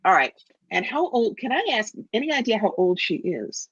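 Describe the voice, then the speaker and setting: A woman's voice: mid-range voice, sing-song, moderate pace, fairly bright tone, slightly rough, no echo. Confident woman psychic on a dull call. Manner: confident, calls people darling and honey. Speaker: psychic medium guest. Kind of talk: giving psychic readings on a livestream.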